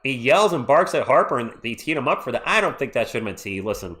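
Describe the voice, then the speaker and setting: A man hosting a live play-by-play stream, calling the action and chatting with viewers in an excitable, jokey way. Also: medium pitch, fast talker. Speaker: livestream play-by-play host. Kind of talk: live play-by-play with chat reactions.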